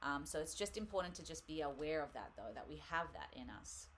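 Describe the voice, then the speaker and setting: A woman's voice: sits low, big pitch swings, a little fast, a little hiss or hum. A woman hosting a live tarot reading, talking casually and rambling with frequent laughs. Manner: chatty, rambling, laughs often.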